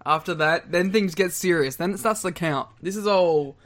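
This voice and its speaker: Male co-host, fairly high, bright and forceful, mock-outraged casual banter. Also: moderate pace. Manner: mock-indignant, jokey. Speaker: podcast co-host. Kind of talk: casual chat.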